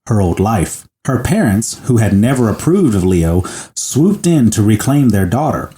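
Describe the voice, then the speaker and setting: A podcast host with a very dark, mellow voice and a lively, rising-and-falling delivery. He reads a story dramatically and trades jokes in casual chat. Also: medium pitch. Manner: joking, dramatic when reading.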